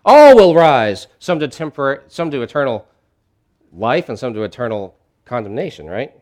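In a casual, conversational sermon, a middle-aged pastor speaks at normal speed in a medium-pitched, ordinary male voice with big pitch swings. Key lines come out loud and emphatic, while asides drop nearly to quiet.

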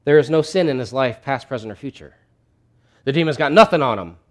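A man's voice: medium pitch, expressive, fairly quick. A man preaching a sermon in a conversational, emphatic way, often restarting his phrases.

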